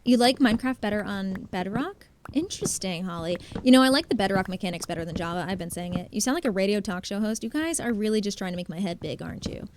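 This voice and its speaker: A young woman streams a building game and chats casually with viewers, swearing freely and poking fun at herself. Her medium-pitched voice is a little mellow and quick, with a faint hiss or hum in the audio.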